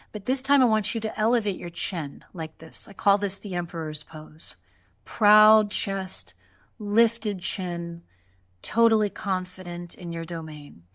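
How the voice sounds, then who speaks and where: A woman voice teacher leading a guided vocal exercise, calm and encouraging, showing sighs and yawns as she talks students through each step. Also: mid-range voice.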